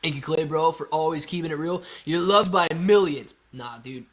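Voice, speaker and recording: A man's voice: a little high, moderate pace, fairly bright tone. A young man hosting a casual live stream, reading chat aloud and answering viewers in a loose, jokey way. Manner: laid-back, jokey, calls viewers dude and man. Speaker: livestream host reading chat. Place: storage-style room at home. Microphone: phone used as camera.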